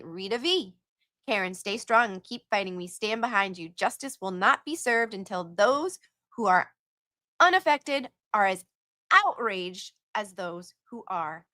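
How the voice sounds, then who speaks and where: A woman hosting a casual livestream, reading out donations and messages with animated asides. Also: medium pitch, no room sound, clean studio sound. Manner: animated, reads donor names and messages aloud with quick asides. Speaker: livestream host.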